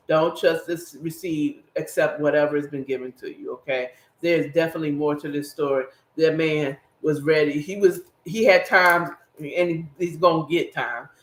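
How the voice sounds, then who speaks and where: Man, podcast host, fairly high voice, rambling casual monologue, echoey room. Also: a bit bright. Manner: rambling, emphatic, speaks directly to the audience. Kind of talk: casual solo commentary to viewers.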